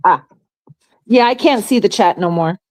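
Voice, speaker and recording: A woman's voice: medium pitch, moderate pace, low-quality recording. A middle-aged woman with a New York accent, talking frankly and swearing in a casual chat.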